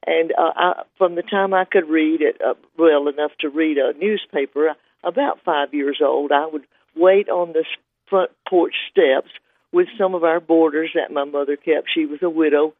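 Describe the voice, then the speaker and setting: An older man calling in to a radio show, reminiscing gently and hesitantly. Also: fairly high pitch, steady tone, normal speed, dry recording. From Georgia. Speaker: caller. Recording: tinny phone line.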